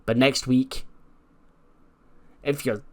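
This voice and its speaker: A man's voice: mid-range voice, steady tone, very slow, a bit bright. A man voicing a combative, boastful female wrestler who rambles and restarts her words. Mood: scolding.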